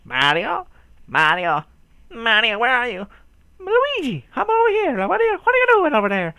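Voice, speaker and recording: A man putting on the high, exaggerated voices of excitable cartoon plumbers calling to each other. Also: normal speed, clear, resonant tone, no room sound, full character voice. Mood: silly.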